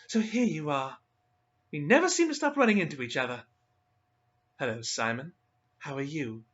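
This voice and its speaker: Man reading as a sly, taunting young woman; raised pitch, dull recording. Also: animated, normal speed, fairly bright tone.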